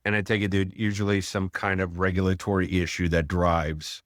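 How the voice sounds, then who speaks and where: A man hosting a podcast, with a lowish voice and an easygoing, storytelling way of talking. His sound is dry and close to the mic. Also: level tone, moderate pace, no room sound. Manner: laid-back storyteller who acts out quotes. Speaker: podcast host. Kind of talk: casual interview chat.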